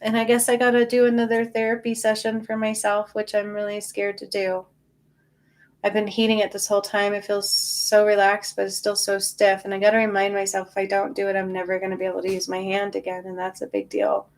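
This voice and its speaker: A woman's voice: medium pitch, completely flat delivery, a little fast. A tired woman hosting a spiritual livestream, chatting casually and answering viewer comments in a reassuring way.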